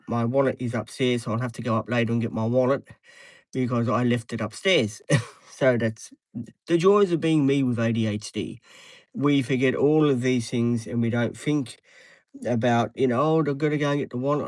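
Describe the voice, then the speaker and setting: A man's voice: medium pitch, no room sound, poor audio. Aussie guy in his 30s rambling on a live stream, lots of ums, dry close sound. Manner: rambling, repetitive, frequent ums and restarts. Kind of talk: casual live stream chat. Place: inside a parked van, dim light.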